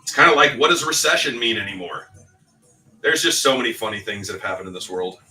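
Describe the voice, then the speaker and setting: A man's voice: lowish voice, animated, fast, bright, forceful tone, distant mic, faint music behind, low-quality recording. A middle-aged man telling a story in a loose, joking, casual way, swearing now and then as host of a livestream. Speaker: livestream card-break host.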